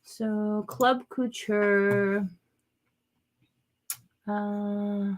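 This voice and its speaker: A woman's voice: mid-range voice, flat delivery, drawn-out words. A woman vlogging at home as she does a craft project, chatting to viewers and exclaiming over colors as she works. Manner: chatty, self-narrating while working, exclaims over colors. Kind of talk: casual crafting chat to viewers.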